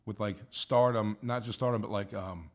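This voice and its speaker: A man, a guest comedian, rambling through stories in casual chat and acting out the people he quotes in higher voices. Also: steady tone, normal speed. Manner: rambling storyteller, acts out quotes in higher voices, laughs a lot.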